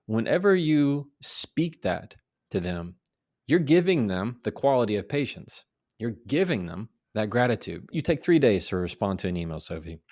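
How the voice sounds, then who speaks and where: A man's voice: medium pitch, big pitch swings, normal speed, a little mellow. A man on a podcast as a communication expert, talking emphatically and acting out example phrases. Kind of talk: podcast interview, advice.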